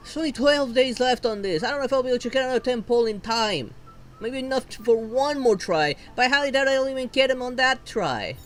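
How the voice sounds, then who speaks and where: A woman's voice: high voice, expressive, brisk. A woman from Argentina, streaming a gacha game and ranting in frustration with lots of swearing.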